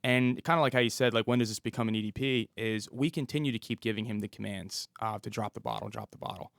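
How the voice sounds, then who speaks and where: A former police officer, appearing as a podcast guest, tells a story in a casual, matter-of-fact way with plenty of detail. His voice sits on the low side, moves fast, and has vocal fry. The studio recording is clean, with no echo.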